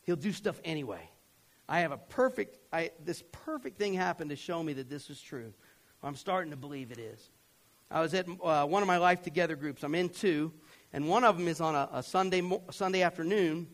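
A middle-aged male pastor telling a story in a sermon, conversational and self-deprecating, who keeps checking in with his listeners and swings from loud outbursts to quiet confession. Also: fairly high pitch, animated, brisk.

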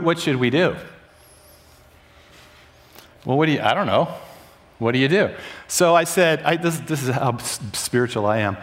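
Animated storytelling male preacher. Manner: storytelling, acting out quotes with pitch jumps. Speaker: pastor. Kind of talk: sermon.

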